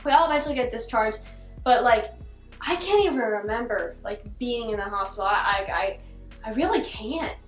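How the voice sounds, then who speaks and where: Young woman, high voice, chatty storytelling, fillers and laughs, echoey room, faint music. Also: normal speed. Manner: animated, laughing, many fillers. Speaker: vlogger telling a childhood story. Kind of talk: casual storytelling.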